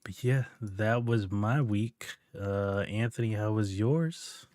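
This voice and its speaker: A man's voice: lowish voice, takes it slowly, a little mellow, dry recording, studio quality. A man co-hosting a podcast in casual chat, laid-back and laughing between remarks. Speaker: podcast co-host.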